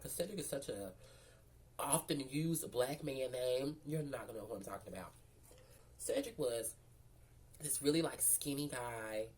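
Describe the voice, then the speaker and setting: A woman's voice: rumbling low, a little mellow. A woman from Memphis telling a personal story in a sassy, profane, chatty way, calling her viewers girl and baby. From Memphis, Tennessee. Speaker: storyteller vlogger. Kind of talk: casual storytime.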